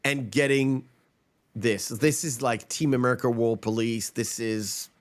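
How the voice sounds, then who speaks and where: A man's voice: mid-range voice, fairly even intonation, measured pace. A man hosting a podcast in casual chat, rambling and emphatic, swearing freely. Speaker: podcast host.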